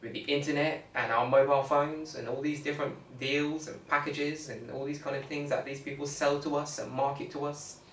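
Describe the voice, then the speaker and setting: A man's voice: a little high, fairly even intonation, brisk, hardly any pauses. Man, podcast co-host, casual rambling talk, echoey room. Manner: rambling, repeats "you know what I mean". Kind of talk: casual chat. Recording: roomy echo, far from mic, faint hiss.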